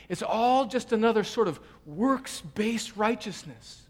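A man preaching a sermon, passionately pleading at times and dropping to a quiet, earnest tone at others, often repeating his words. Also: high-pitched, expressive, measured pace, hardly any pauses, in a large hall. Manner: repeats words, restarts phrases. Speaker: pastor.

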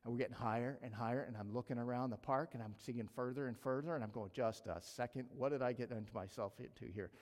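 A man preaching a sermon, telling a personal story with animated delivery and acting out his own panic. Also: mid-range voice, quick pace, hardly any pauses. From Canada. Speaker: pastor. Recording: long hall reverb.

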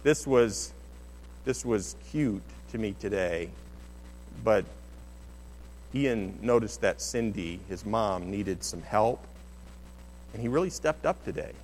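A man's voice: lowish voice, lively intonation, slow pace, pauses often, darkish tone, a little hiss or hum. A middle-aged man preaching a sermon as pastor, in an earnest, conversational way with many restarts. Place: church sanctuary. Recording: long hall reverb.

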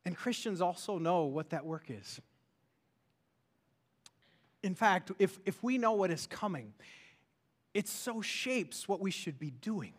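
A man preaching a sermon as a pastor, earnest, rising loud and then dropping to a hush. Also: high voice, animated, slow pace, pauses often. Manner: earnest, swings from loud to hushed.

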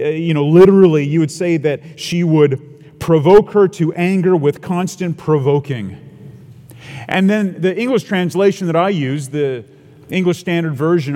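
A man's voice: a little high, warm tone, in a large hall. A man preaching a sermon in an earnest, expository way, asking the congregation rhetorical questions.

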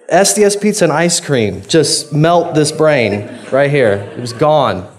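A man's voice: fairly high pitch, animated, measured pace, hardly any pauses. A man, preaching a conversational sermon. He tells a personal story in a chatty, self-deprecating way, laughing often and acting out his own reactions. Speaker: pastor.

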